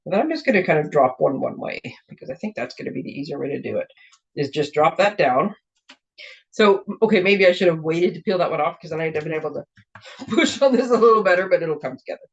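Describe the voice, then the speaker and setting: Craft host, woman, slightly hoarse and throat-clearing, chatty and rambling, dull lo-fi sound. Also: low-pitched, animated, fast talker. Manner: chatty, rambling, self-interrupting. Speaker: craft demonstrator and show host. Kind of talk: casual card-making demo. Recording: dull lo-fi recording.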